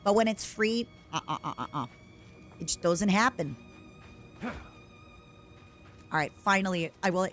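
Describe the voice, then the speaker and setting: A woman streamer chatting casually while she plays, playful and animated. She rambles freely in a mid-range voice. Game music plays clearly underneath. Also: medium pitch, unhurried, long pauses. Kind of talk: casual gameplay chat.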